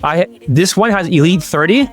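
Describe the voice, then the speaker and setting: A man talking straight to camera as a dating coach, blunt and profane, in a slightly high voice. He keeps stopping to check that the listener follows. Faint music plays under him. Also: lively intonation, moderate pace. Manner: blunt and profane, keeps asking "does that make sense?". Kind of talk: Q&A monologue to camera.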